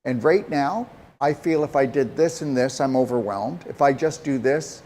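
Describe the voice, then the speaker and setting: A man's voice: medium pitch, moderate pace, darkish tone, slight background noise. A man giving health advice to a caller, talking directly and emphatically and pressing her with pointed questions. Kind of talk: call-in advice talk.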